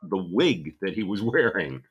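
A man co-hosting a casual comedy podcast, talking in a deadpan, sarcastic way. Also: low voice, unhurried, husky, muffled recording. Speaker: podcast co-host.

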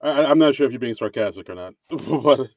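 A man co-hosting a casual comedy podcast, chatty and rambling, quick to laugh. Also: medium pitch, animated, darkish tone, no echo. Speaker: podcast co-host.

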